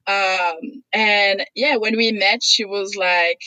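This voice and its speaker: A woman's voice: mid-range voice, fairly even intonation, slow pace, bright, forceful tone, smooth, no echo, poor audio. A woman whose first language is French, chatting as a guest and telling stories with frequent laughter. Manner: chatty storyteller, laughs often. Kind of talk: casual conversation.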